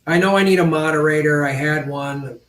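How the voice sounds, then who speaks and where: A man's voice: fairly high pitch, fairly quick, a bit bright, echoey room, recorded from a distance. A man hosting a political livestream, talking bluntly and profanely straight to his chat viewers. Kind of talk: livestream commentary.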